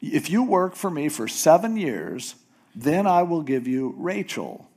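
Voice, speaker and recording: A man's voice: a little high, big pitch swings, a little slow, darkish tone, full character voice. A man voicing a shrewd uncle who strikes a deal in a businesslike, wheedling manner. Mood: bargaining.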